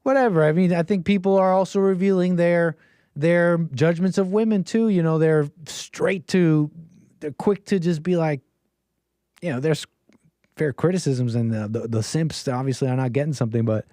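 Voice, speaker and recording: This livestream call-in host has a fairly high, mellow voice at a moderate pace, recorded with clean studio sound and no room sound. He rambles casually to his chat, laughing often, using lots of fillers, restarting, and letting thoughts trail off.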